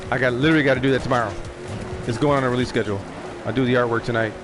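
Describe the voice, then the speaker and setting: A man streaming live, rambling in casual chat, excitable and profane. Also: mid-range voice, very fast. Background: music playing.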